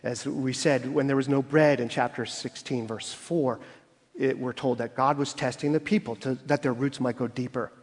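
A pastor delivers an expository sermon, explaining scripture through everyday stories and acting out quoted voices with rising emphasis. His mid-range voice holds fairly even intonation at a normal speed. The recording carries a long hall reverb.

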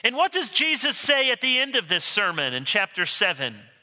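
Pastor, male, preaching from a church pulpit: high-pitched, very bright voice, wry rhetorical questioning, hall reverb. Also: sing-song, moderate pace. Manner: rhetorical questions, wry mock-incredulous asides. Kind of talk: sermon. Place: church sanctuary, speaking from pulpit.

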